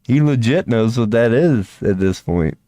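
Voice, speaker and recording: A man's voice: medium pitch, animated, a little slow, dark tone, no echo. A man streaming casually from a small room at home, swearing, laughing and talking to a mouse. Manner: profane, laughing, talks to a mouse. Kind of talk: casual solo stream chat.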